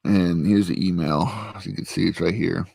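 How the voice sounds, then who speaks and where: A man's voice: low-pitched, fairly even intonation, moderate pace, gravelly, dark tone, husky, no echo. A man chatting casually at his computer, rambling through a recap with lots of fillers. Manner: rambling recap with many fillers and acted quotes. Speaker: vlogger recapping a TV episode. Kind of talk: casual chat. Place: at a computer with a friend.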